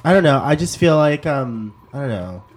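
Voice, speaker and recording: A young man from Texas, co-hosting a casual podcast chat, animated and putting on funny voices for people he talks about. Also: mid-range voice, moderate pace. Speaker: podcast co-host.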